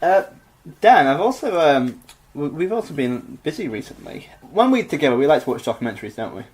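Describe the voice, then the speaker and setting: A man's voice: on the high side, sing-song, brisk, a little mellow, poor audio. A young man co-hosting a podcast in joking, teasing casual chat. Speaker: podcast co-host.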